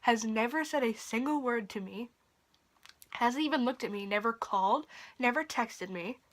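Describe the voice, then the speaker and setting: A young woman with a slightly high voice vents through a profane storytime in a casual vlog. She talks animatedly, now and then sinking to a whisper, recorded in her bedroom late at night. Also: normal speed. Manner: drops to a whisper at times. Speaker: vlogger.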